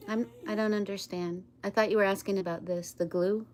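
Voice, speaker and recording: A woman's voice: medium pitch, steady tone, brisk, darkish tone, slight background noise. A woman chatting casually on a live stream, rambling, laughing often and talking to her pets and viewers.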